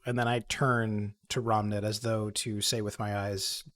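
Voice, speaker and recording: A man's voice: fairly low pitch, level tone, measured pace, a bit bright. A man playing a tabletop game, talking in a wry, understated way. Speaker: player.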